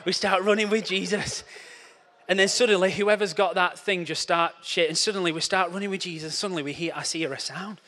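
Young male preacher, playful and animated, high voice with long hall reverb. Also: fast, few pauses. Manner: playful, animated, acts out scenes with quoted voices. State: out of breath after a race. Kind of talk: lively sermon with jokes.

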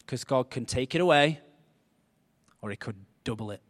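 A male pastor, preaching a sermon with animated, jokey storytelling. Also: medium pitch, moderate pace, big-room sound.

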